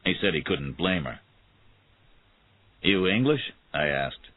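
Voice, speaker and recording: A man narrating a graded-reader detective story in a steady, measured way. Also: rumbling low, dry recording. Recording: tinny phone-like sound.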